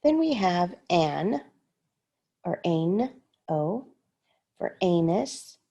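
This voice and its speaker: A woman's voice: on the low side, big pitch swings, extremely slow, mellow, husky, lo-fi sound. A woman teaching a recorded lesson, carefully sounding out words syllable by syllable. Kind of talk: slow recorded lesson walkthrough.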